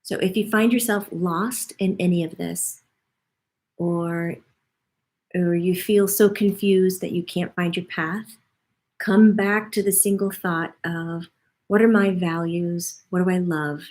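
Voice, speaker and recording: A woman's voice: lowish voice, steady tone, takes it slowly, a little mellow. Chatty woman relaying a spirit guide's forecast. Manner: chatty, laughs often, relays what the guide says. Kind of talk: casual spoken monthly forecast.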